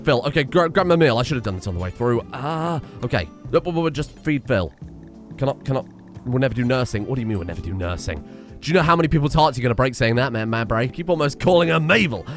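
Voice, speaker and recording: A man giving casual gameplay commentary, excitable and often laughing, talking to the characters on screen. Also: medium pitch. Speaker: gaming video creator.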